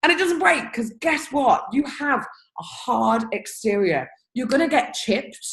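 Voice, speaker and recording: A young woman leading her team over a video call, giving an energetic, blunt motivational rant with swearing and laughter. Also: high voice, measured pace, poor audio. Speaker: team leader.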